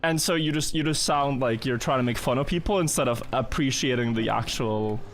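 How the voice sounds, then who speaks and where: A man's voice: medium pitch, fairly quick, slight background noise. A young man chatting casually with his viewers during a live game stream, rambling and joking as he thinks aloud. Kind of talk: casual live-stream chat while gaming.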